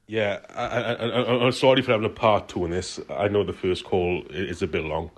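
A caller with a lowish voice talks fairly fast, telling a long, rambling story. He swears in nearly every sentence, and his storytelling is loose and meandering.

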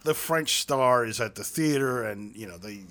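A man's voice: mid-range voice, normal speed, fairly bright tone. A man co-hosting a casual film podcast, telling the plot in a loose, rambling way full of fillers. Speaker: podcast co-host. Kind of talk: casual film-review chat.

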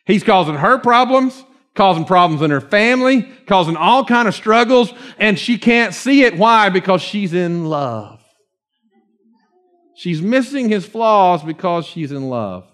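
A middle-aged man preaching a conversational, animated sermon, slowing to hushed readings of scripture. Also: high-pitched. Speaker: pastor.

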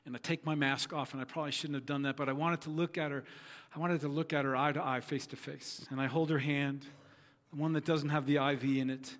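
A man's voice: a little high, fairly even intonation, fairly quick, a bit bright, long reverb tail. A man preaching a sermon as pastor, telling a story with earnest, repeated phrases.

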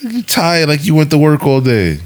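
A man's voice: fairly high pitch, big pitch swings, moderate pace. A man hosting a podcast, bantering in a laid-back, slangy way with friends. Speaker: podcast host. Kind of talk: casual chat.

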